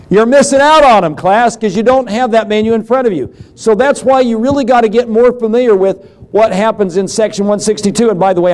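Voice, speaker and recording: A man's voice: sits high, a little mellow. A middle-aged man giving a seminar lecture on business, folksy and fond of acting out little dialogues to make a point. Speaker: seminar speaker on taxes.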